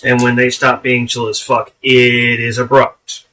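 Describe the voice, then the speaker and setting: A man's voice: mid-range voice, completely flat delivery, measured pace, sharp tone, far from the mic, rough recording. A man giving casual, profane commentary on a live stream, laughing often.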